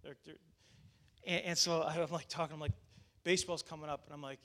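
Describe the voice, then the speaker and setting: A man's voice: a little high, steady tone, brisk, a bit bright. A male pastor telling a personal story in a casual sermon, chatty with fillers and restarts, acting out what people said.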